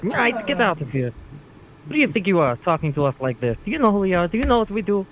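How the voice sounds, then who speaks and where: Lively, indignant man playing his character. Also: high-pitched, fast, dull audio, slight background noise. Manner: brash, indignant, dropping Russian phrases. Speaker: player. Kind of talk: playing a character in a tabletop game.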